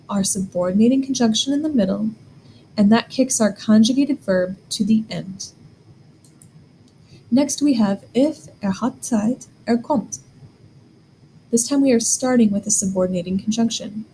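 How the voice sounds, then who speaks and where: A woman's voice: a little high, vocal fry, warm tone, a little hiss or hum, low-quality recording. A woman teaching a German grammar lesson, explaining step by step and asking the learner questions.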